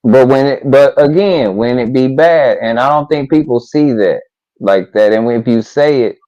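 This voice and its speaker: A man in a casual discussion, halting and restarting as he slowly builds his point. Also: mid-range voice, warm tone, muffled recording. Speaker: co-host.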